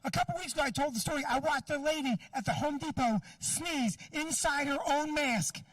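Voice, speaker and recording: A man doing a stand-up comedy set outdoors, loud and ranting, shouting his punchlines. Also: very high voice, a little fast, dry recording, distant mic, rough recording. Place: outdoor parking lot show.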